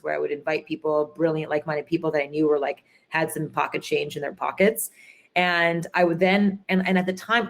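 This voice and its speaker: Low-voiced woman telling lively stories. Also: gravelly. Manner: animated storyteller, acts out quotes, many fillers. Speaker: entrepreneur guest. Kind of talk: conference interview, storytelling.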